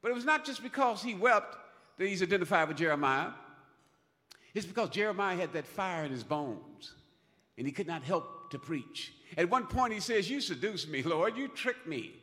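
A man delivers a sermon in a high, sharply bright voice, pressing his points by repeating key phrases and swelling to loud peaks. His words ring out with a long reverb, as in a large church sanctuary. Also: animated, normal speed. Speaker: preacher.

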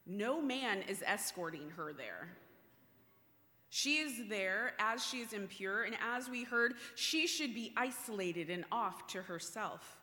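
A woman's voice: mid-range voice, slow. Woman preaching in a reverberant hall. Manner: animated, playful asides, shifting to hushed and earnest. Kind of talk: sermon.

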